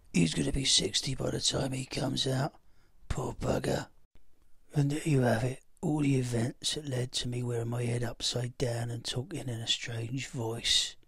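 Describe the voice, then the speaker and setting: A gravelly, husky cockney geezer, put on by a middle-aged man in a comic vlog, boasting and cheeky. The voice is rough and breathy with a dry, close sound from a bedroom. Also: a little high, fairly bright tone, no echo, full character voice. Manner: boastful, cheeky, swaggering delivery. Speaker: comedy vlogger. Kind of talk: comic monologue in a put-on character voice.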